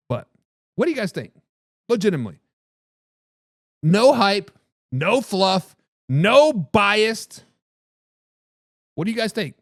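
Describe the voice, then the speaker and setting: A man hosting a fan sports talk show, hyping his team, shouting catchphrases and answering viewer comments while drinking beer. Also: high voice, very animated, slow pace, long pauses, no room sound, clean studio sound. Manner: hype, repeats catchphrases, says "baby". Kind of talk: hyped live sports talk.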